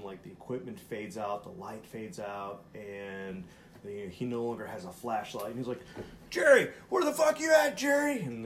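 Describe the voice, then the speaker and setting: A man's voice: on the low side, a little hiss or hum. A man co-hosting a podcast, telling a story in casual chat, rambling with lots of "like" and swearing, and acting out the voices in his quotes. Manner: rambling, heavy use of "like" and swearing; animated, acts out voices in retold quotes. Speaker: podcast co-host.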